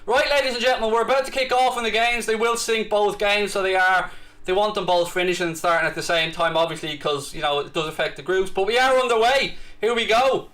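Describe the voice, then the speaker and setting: A man's voice: high-pitched, fairly quick, a bit bright. An Irish man hosting a live stream, chatting casually and reading out viewer comments with cocky, teasing banter and mock bravado. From Ireland. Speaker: livestream host.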